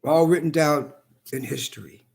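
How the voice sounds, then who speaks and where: A man's voice: a little high, moderate pace, gravelly, a little mellow. A man delivering a heated, profane monologue, repeating himself as he rants. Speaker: vlogger. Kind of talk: angry ranting monologue.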